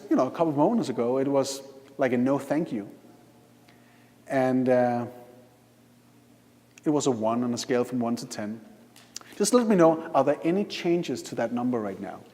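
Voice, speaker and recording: A man leading a live hypnosis demonstration at a conference, giving slow, coaxing instructions with repeated lists. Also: medium pitch, darkish tone. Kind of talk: guiding a live hypnosis demo. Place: conference hall. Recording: reverberant conference hall.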